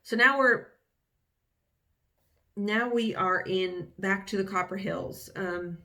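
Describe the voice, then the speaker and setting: A woman's voice: mid-range voice, takes it slowly, bright, forceful tone. A young woman vlogging casually, reading aloud from her old journals with candid, wry remarks and lots of fillers.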